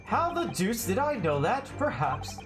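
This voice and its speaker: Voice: mid-range voice, sing-song, takes it slowly, pitched above the performer's own voice. A streamer voicing an eccentric, pompous detective with a shaky, put-on British accent while reading a game aloud, with game music behind. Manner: grandiose, theatrical, mock-British.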